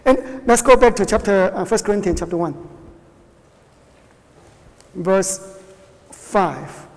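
In a reverberant hall, a woman whose native language is Chinese quizzes her Bible class students often, with halting restarts and short laughs. Her mid-range voice is expressive and a little mellow.

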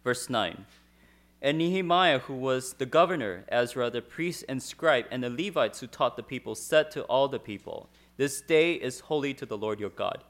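A man interpreting a sermon phrase by phrase, measured and steady, at times reading scripture aloud. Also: mid-range voice.

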